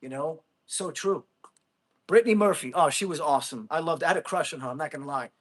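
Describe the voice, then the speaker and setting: A man in his thirties, a Marine veteran, chatting casually to viewers on a livestream, rambling and excitable, often laughing and talking to the chat. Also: fairly high pitch, fast talker. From Jersey City, USA.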